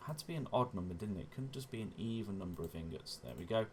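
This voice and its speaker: Guy with a lowish voice doing chatty gameplay commentary, keeps correcting himself. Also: expressive, fast, a little mellow, slight background noise. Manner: chatty, self-correcting, often says "wonderful". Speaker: gaming channel host.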